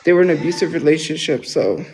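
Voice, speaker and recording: High-voiced man rambling on a livestream. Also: animated, fast talker, darkish tone, rough recording. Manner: rambling, defensive, restarts often. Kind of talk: casual livestream talk.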